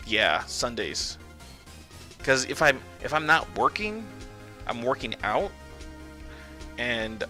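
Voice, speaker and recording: A man's voice: mid-range voice, pushed and bright. A young man streaming a game who chats casually in a rambling, jokey way. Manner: rambling, jokey, lots of "dude" and "like". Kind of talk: casual chat while playing a game.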